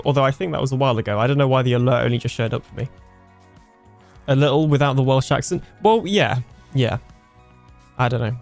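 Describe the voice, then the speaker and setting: A man's voice: fairly high pitch, creaky, darkish tone. Young British male streamer, casual and chatty, laughs easily, reads chat aloud, faint music behind. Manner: chatty, laughs often, trails off mid-sentence. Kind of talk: casual live-stream chat reading comments.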